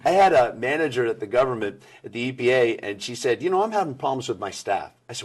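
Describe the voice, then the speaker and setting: A middle-aged man giving energetic interview answers about workplace communication, acting out the people he quotes. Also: medium pitch, fast talker, hardly any pauses. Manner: animated, acts out quoted people.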